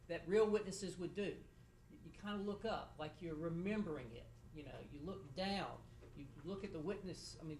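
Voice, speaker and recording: A middle-aged male judge speaks in a fairly high voice, and his words echo around a courtroom because he is some way from the mic. He gives students feedback in halting bursts, repeating words and slipping in dry jokes. A faint room hum sits under his voice. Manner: halting and repetitive, with dry humor. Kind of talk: spoken feedback to students after a mock trial. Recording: echoey room, voice from a distance.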